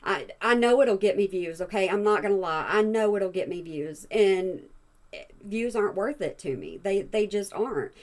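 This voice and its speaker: A woman's voice: mid-range voice, expressive, normal speed. A woman hosting a reaction channel, talking back to a clip in a blunt, exasperated way. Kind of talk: reaction commentary.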